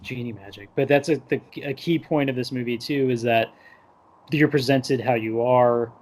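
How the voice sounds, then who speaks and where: A man's voice: medium pitch, moderate pace, darkish tone. A young adult man hosting a podcast, recapping a film in a loose, rambling way full of "like" and acted-out quotes. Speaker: podcast host. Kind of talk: casual movie discussion. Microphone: podcast microphone.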